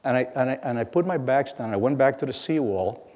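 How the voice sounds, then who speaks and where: A middle-aged man giving a lecture as guest speaker, telling stories with halting repeats and acting out bits of dialogue. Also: medium pitch, animated, darkish tone. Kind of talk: lecture storytelling. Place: lecture hall. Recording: long hall reverb.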